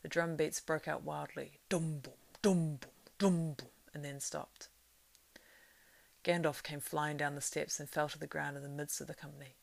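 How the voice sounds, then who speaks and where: A woman reading a novel aloud, keeping a steady storytelling pace that swells louder in the action. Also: deep voice, moderate pace, vocal fry, no room sound. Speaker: reader.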